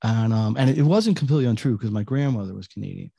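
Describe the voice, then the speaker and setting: A middle-aged American man with a low, gravelly voice and a dark, husky tone, chatting casually as a podcast host. He rambles and restarts his sentences, and the sound is close and dry. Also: lively intonation, fast, no room sound. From United States. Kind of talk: casual interview chat.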